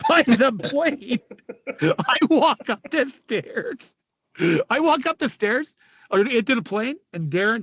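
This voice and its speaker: A middle-aged man from Canada, a former hockey player, telling stories in an interview, with a raspy voice, laughing often and swearing freely. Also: sits high, fairly bright tone, no echo. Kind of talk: casual storytelling interview.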